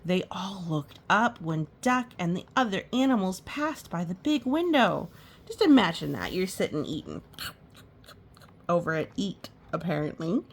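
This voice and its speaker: A woman's voice: on the low side, very animated, normal speed. A woman reading a picture book aloud at storytime, exclaiming and pointing out the pictures. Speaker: storytime reader.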